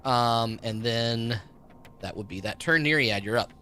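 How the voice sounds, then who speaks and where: A man narrating as game master of a tabletop game, relaxed and descriptive with plenty of fillers. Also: mid-range voice, measured pace, a little hiss or hum.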